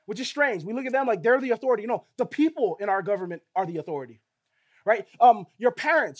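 A middle-aged male pastor preaching a sermon in a conversational way, often asking rhetorical questions of the listeners. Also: very high voice.

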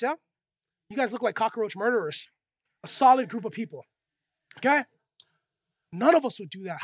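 A lively preacher gives a chatty sermon to a young crowd, checking in often with quick asides. Key points fall soft and low. The sound is dry and close, with no room around it. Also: dry recording. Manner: lively, conversational, checks in with "right?" and "okay?".

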